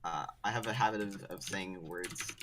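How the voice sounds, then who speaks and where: A man's voice: low voice, fairly even intonation, normal speed, background noise. A man playing a tabletop game over a stream, speaking hesitantly with many ums. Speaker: player. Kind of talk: casual game chat.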